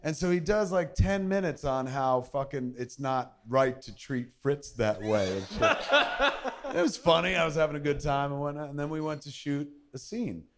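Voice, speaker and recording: A middle-aged man telling a lively, profane behind-the-scenes story as host, laughing and acting out quotes. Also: a little high, moderate pace, a crowd in the background. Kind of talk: casual anecdote, profane.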